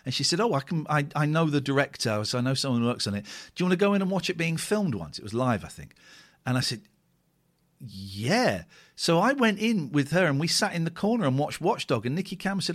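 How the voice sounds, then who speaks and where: A British man in his forties reacts on a live stream to old clips of himself, speaking in a fairly high, sing-song voice a little fast. He's chatty and jokey with a sardonic edge, rambling and repeating himself.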